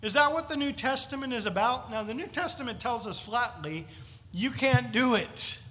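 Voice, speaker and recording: A man preaching a sermon in a chapel, conversational and animated, with jokey asides. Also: extremely high pitch, normal speed. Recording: long reverb of a large chapel.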